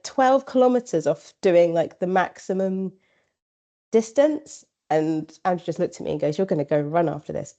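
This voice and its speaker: A woman's voice: medium pitch, dark tone. A woman, a podcast guest chatting casually, rambling with lots of fillers and quoted asides. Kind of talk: casual interview chat. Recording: slightly dull lo-fi audio.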